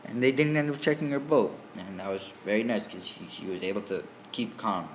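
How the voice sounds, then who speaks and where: A man's voice: lowish voice, fairly quick, slight background noise. A man casually telling a story in the first person, rambling with many restarts and repeated fillers. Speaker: student storyteller.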